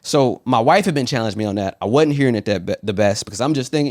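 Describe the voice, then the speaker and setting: A man in his thirties, a pastor telling stories in a relaxed, casual way and laughing often. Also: medium pitch, fast, hardly any pauses, no room sound, studio quality. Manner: laid-back storyteller who laughs often. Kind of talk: casual conversation.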